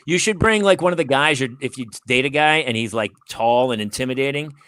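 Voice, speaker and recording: A man's voice: mid-range voice, fairly quick, a bit bright, clear, resonant tone, no room sound. A man hosting a parenting chat show, talking bluntly and laughing at his own stories. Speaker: podcast host. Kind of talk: casual chat.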